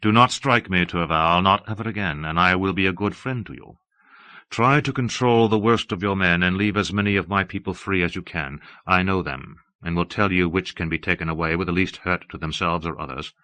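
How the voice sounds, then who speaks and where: A man voicing a mild, patient old abbess in an audiobook, speaking softly and evenly. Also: low-pitched, brisk, dry recording. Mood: earnest.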